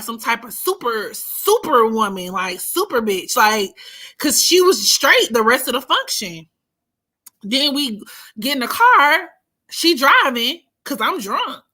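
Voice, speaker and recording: A woman tells a story on her channel in a loose, animated way. Her voice sits a bit high and sounds bright and forward. She swears freely and laughs often. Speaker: astrology streamer. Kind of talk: casual storytelling chat.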